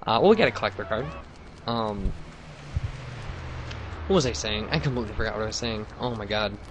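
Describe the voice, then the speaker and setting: Rambling low-voiced young man. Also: a little fast, a crowd in the background. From Wisconsin. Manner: rambling, chatty, many fillers and asides. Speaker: let's play host. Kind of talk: casual gameplay commentary.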